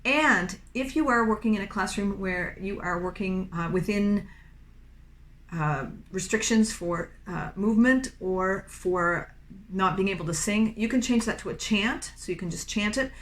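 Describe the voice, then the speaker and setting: A woman's voice: medium pitch, unhurried. A middle-aged woman music teacher, patiently explaining a classroom singing game and slipping into short sung phrases. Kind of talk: instructional talk with sung demonstrations.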